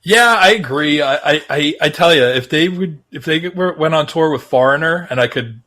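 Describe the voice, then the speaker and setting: A man co-hosting a music podcast in casual chat, talking in a rambling, halting but enthusiastic way. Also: on the high side, bright, forceful tone. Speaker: podcast co-host.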